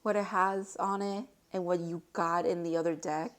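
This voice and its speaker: A woman doing a casual tarot card reading for her viewers, excitable and gushing, now and then reading card text aloud more softly. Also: fairly low pitch. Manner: excitable and gushing, exclaiming often; reads card text aloud in a slower, softer voice. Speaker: tarot reader.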